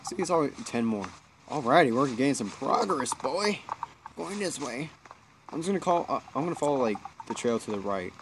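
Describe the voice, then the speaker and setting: A man giving casual let's play commentary, excitable and jumpy, swearing when startled. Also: medium pitch, fairly quick, background noise. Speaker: gameplay commentator.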